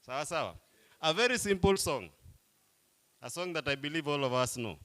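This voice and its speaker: A man's voice: on the high side, lively intonation, a little fast, a bit bright. A man, playfully coaxing a crowd as he leads a group icebreaker game at a live event. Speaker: workshop facilitator.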